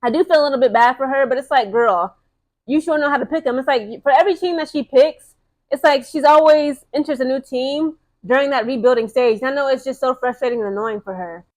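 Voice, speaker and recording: Young woman vlogging, high voice, talks super fast and hyped, lots of slang. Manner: excited, chatty, full of fillers and slang. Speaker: sports vlogger. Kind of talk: casual chat to camera.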